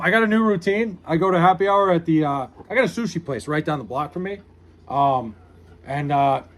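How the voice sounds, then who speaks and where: A man running a casual live stream, reading viewers' comments aloud and answering with profane, self-mocking banter. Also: a little high. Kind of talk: casual livestream chat.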